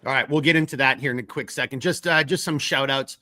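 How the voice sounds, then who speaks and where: A man's voice: medium pitch, fast, bright, forceful tone. A man with a Minnesotan accent hosting a casual political podcast, rambling with many restarts and casual swearing. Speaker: podcast host.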